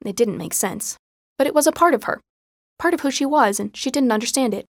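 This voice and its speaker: A woman reading a novel aloud in a measured storytelling voice, hushed in tense passages. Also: sits high, lively intonation, no room sound, clean studio sound. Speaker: narrator. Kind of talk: scripted audiobook narration.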